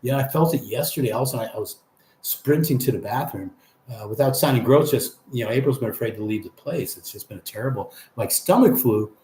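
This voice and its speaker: A man's voice: medium pitch, animated, fairly quick, darkish tone, roomy sound, slight background noise. A man hosting a casual livestream, reading viewer comments aloud in a friendly, rambling way. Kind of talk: casual live chat.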